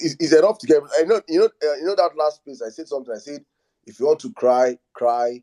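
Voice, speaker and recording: A man hosting a live online discussion, calming speakers and repeating himself for emphasis. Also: fairly high pitch, fast. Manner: soothing, repeats calming phrases. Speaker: host. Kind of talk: live audio space discussion.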